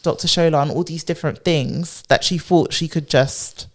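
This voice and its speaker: A woman co-hosting a podcast in casual chat, animated and emphatic. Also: deep voice. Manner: animated, emphatic, quick to agree. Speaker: podcast co-host.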